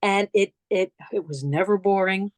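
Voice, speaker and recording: A woman's voice: mid-range voice, moderate pace, a little mellow, dry recording. A middle-aged woman with a New York accent, giving a memorial lecture as conversational, reflective personal storytelling with slides. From New York City. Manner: conversational, reflective, frequent restarts and asides.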